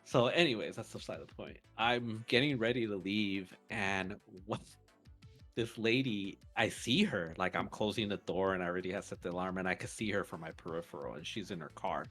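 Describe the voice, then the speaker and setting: A man co-hosting a podcast, telling retail stories in a casual, animated way with swearing and laughter. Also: sits low, fairly quick, soft background music. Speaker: podcast co-host. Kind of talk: casual chat.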